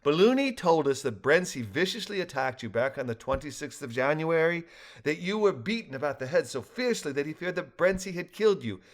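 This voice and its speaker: A man voicing a polite, measured woman. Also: fairly high pitch, very animated. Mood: calm. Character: calm, polite woman coordinating a call.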